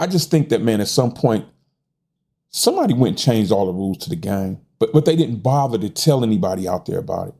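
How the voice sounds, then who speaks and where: A man's voice: on the low side, vocal fry, warm tone, slightly rough. A middle-aged American man in a casual monologue, frustrated and folksy, often stumbling over repeated words and tossing in "man". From United States. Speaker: host.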